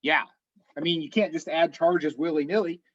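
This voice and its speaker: A man teaching chemistry in an online class, explaining methodically step by step, his voice a little hoarse. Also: on the high side, steady tone, moderate pace, no echo, dull audio. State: slightly hoarse. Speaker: chemistry instructor.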